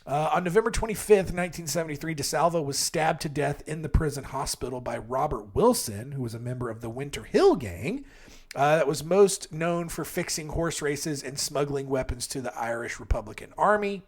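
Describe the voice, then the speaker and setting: A man's voice: a little high, animated, fairly quick. A man hosting a true-crime podcast, telling the story in a casual, sarcastic, rambling way with jokey asides. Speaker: podcast host.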